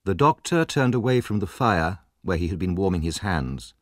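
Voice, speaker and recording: Male storybook narrator, low, animated, dry recording. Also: dry recording. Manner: expressive, measured reading.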